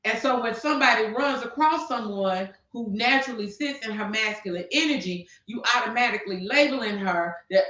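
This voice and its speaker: A woman with a high, sharp, expressive voice co-hosts a podcast talk show, speaking at a normal speed with few pauses. Her heated opinion talk is a passionate rant full of rhetorical questions, captured in distant, echoey, dull lo-fi sound.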